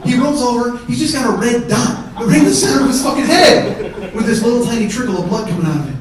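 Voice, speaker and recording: A middle-aged man telling a profane, animated comedy story in a live one-man show, his voice jumping into shouts. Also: extremely high pitch, quick pace, a crowd in the background. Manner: animated, profane, shouts quoted kids' lines. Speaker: stand-up comedian. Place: live theater stage with audience laughing. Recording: echoey, distant theater recording with noise.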